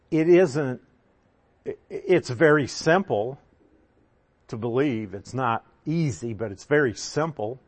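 A man teaching from scripture at a slow, deliberate pace, his pitch sitting in an ordinary middle range. He preaches conversationally, leaning on emphatic points and rhetorical questions. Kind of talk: sermon.

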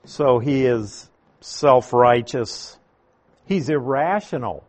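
A man preaching a sermon, teaching through a Bible passage verse by verse in a deliberate, emphatic way. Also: mid-range voice, a little mellow.

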